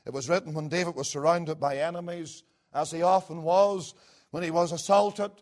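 A man with a notably high voice preaches a sermon. He climbs to loud, emphatic peaks, then sinks to low, hushed lines. He lingers slowly on key words. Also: fairly even intonation. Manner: swings between rising emphatic peaks and low hushed drops; slow, deliberate delivery with pauses on key words.

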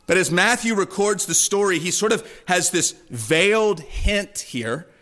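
Male pastor, slightly higher voice, casual teaching sermon, frequent asides to listeners. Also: expressive, unhurried, bright, forceful tone. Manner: conversational, asks the congregation "right?" often.

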